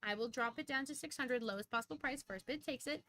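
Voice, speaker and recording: A young adult woman with a high-pitched voice hosts a live-stream coin auction, rattling through lots in rapid auctioneer patter punctuated by sudden bursts of excitement. A little hiss or hum can be heard.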